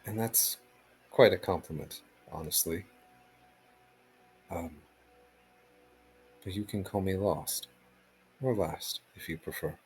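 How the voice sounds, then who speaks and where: A man's voice: low-pitched, takes it slowly, pauses often, darkish tone, a little hiss or hum. A man voicing a shy, nervous male ember-and-smoke being who stammers and hesitates.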